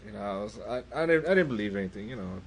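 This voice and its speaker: A man's voice: lowish voice, racing, vocal fry. Laid-back guy telling a story on a radio show, quotes his buddies, a little hiss behind. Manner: relaxed, drawling, quotes friends in conversation. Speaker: paranormal investigator, studio guest. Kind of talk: casual storytelling interview. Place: radio studio.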